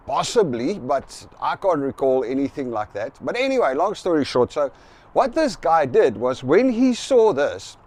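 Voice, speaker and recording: South african guy vlogging, fairly high voice, tells the story all animated, plays both sides of the argument. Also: measured pace. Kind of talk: casual storytelling to camera.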